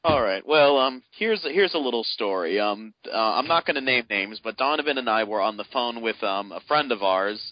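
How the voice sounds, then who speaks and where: A man in casual podcast chat who tells an animated, funny anecdote. His voice is mid-pitched. The sound is dry and slightly dull. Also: normal speed, few pauses, no echo. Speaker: podcast co-host. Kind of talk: casual storytelling.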